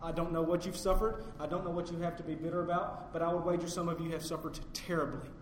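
A man preaching a sermon as pastor, swinging from loud emphatic peaks down to low, quiet points. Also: level tone, quick pace, slight background noise. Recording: echoey hall with long reverb, faint ambience.

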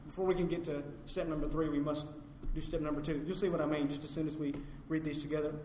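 A male pastor delivers a sermon with a fairly high voice. He climbs to loud, emphatic peaks and then drops low and quiet on his key points. His voice rings through a roomy hall with a long reverb tail over a faint background hum. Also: level tone, fast.

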